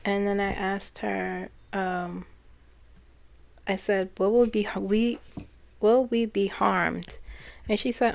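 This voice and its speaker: A woman who reads cards and channels spirits, talking in a slow, hesitant way as she recounts messages. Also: mid-range voice, fairly even intonation, gravelly. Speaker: spiritual channeler and card reader. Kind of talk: casual spiritual chat.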